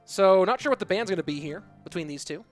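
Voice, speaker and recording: A man with a rather high voice casts a live game match for a stream. He calls the action in a playful, joking way and talks straight to the chat, with faint music running underneath. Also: expressive, fast. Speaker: esports commentator.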